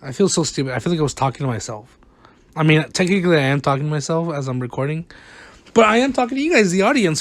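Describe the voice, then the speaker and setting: Speaking on the high side with no echo, a man vlogs casual commentary while he plays. He rambles, sounds exasperated, and pokes fun at himself, using a close desk mic and no camera.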